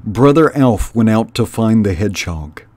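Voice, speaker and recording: A man reading a children's novel aloud in an unhurried, deliberate way, as host of a storytime channel. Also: on the low side, animated, a little mellow.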